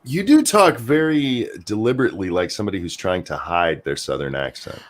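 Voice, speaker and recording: A man's voice: sits low, animated, fairly quick. A man hosting a stream, chatting casually in a teasing way and laughing easily. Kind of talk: casual chat.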